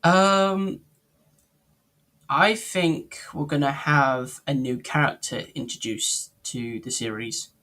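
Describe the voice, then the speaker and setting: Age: adult. Pace: slow and hesitant. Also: medium pitch, fairly even intonation, pushed and bright. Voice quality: hesitant, searching for words. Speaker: podcast co-host. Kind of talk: casual chat reviewing a cartoon.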